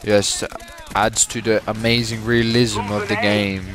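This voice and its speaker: Sarcastic, swearing young gamer. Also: male voice, lowish voice, level tone, unhurried, a crowd in the background. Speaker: gameplay commentator. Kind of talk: casual profane gameplay commentary.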